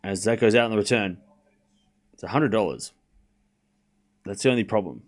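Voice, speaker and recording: A man hosting a live stream, calling tennis points with excitable play-by-play and chatting casually with his viewers. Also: fairly low pitch, normal speed. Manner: excitable play-by-play mixed with laid-back banter to chat. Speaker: stream host doing live tennis commentary.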